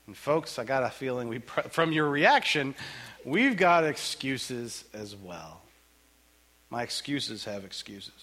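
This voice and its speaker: A male pastor preaching a sermon in a church, joking and conversational in an animated way. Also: mid-range voice, slow.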